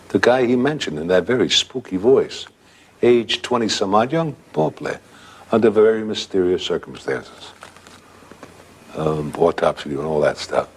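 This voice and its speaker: A man's voice: low voice, animated, normal speed, slightly rough. An older man telling a ghost story from his own life in a conversational way.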